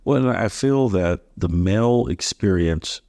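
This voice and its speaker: A podcast host in his thirties speaks in a low, mellow voice with vocal fry, animated yet unhurried, in clean studio sound with no room noise. In casual conversation he is earnest and shares anecdotes, often repeating words as he restarts his sentences.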